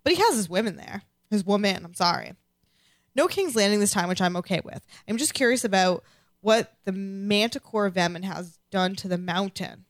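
A woman's voice: mid-range voice, animated, moderate pace, dry recording, clean studio sound. A woman co-hosting a casual podcast, reading listener comments aloud and reacting with frequent laughter and swearing. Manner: chatty, swears freely, laughs often. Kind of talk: casual chat.

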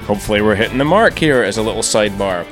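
A male podcast host with a lively, swinging delivery and a dry, self-mocking wit. He reads his introduction over faint guitar music, then slips into relaxed, rambling conversation with his guest. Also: fairly low pitch, rapid-fire. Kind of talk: scripted intro then casual interview chat. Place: large empty echoing conference room.

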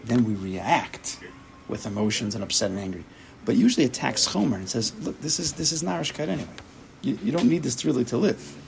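A man teaching a Torah class as a rabbi, speaking emphatically and acting out inner voices in quick quoted asides. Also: mid-range voice, animated, creaky, crowd noise, rough recording.

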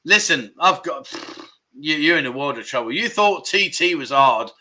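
A man with a bright, forceful, slightly high voice hosts a relaxed livestream. He greets viewers by name in a cheerful, chatty way and chuckles between comments. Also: normal speed. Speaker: livestream host. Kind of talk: casual livestream chat reading comments.

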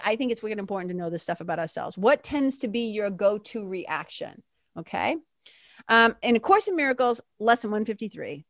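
A woman giving a casual spiritual talk, talking fast and reading passages slowly. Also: a little high, no echo, studio quality. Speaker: spiritual teacher.

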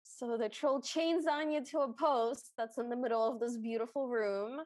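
A woman's voice: fairly high pitch, fairly even intonation, moderate pace, darkish tone, no echo. A woman co-hosting a podcast, recapping a film in playful casual chat. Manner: playful, acts out characters. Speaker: podcast co-host.

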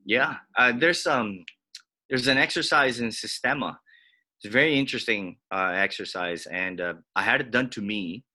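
A man in casual conversation, telling animated stories and acting out what others said. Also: moderate pace. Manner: animated, acts out quotes with big pitch jumps. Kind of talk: casual storytelling chat.

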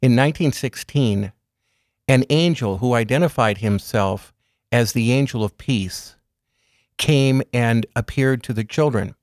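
A male guest with a mid-pitched voice speaks on religious topics in a calm, explanatory interview style, working through lists without hurrying. The recording sounds dry, like a booth, with no room sound.

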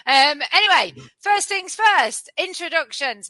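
A woman co-hosting a podcast in a chatty, teasing way, quick to laugh. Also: sits high, very animated, pushed and bright, no echo, low-quality recording. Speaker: podcast co-host. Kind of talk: casual chat.

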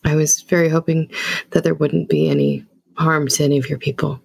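A woman's voice: low voice, big pitch swings, brisk, creaky, a little mellow, husky. A woman player speaking formally in character during a tabletop role-play. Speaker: player voicing a vampire.

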